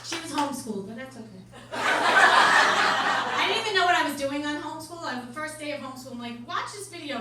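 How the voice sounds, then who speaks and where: A middle-aged woman working a stand-up set with a high voice and a deadpan, brash, foul-mouthed delivery. She sounds far from the mic in a very echoey club, with loud noise under her. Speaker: stand-up comedian. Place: comedy club stage.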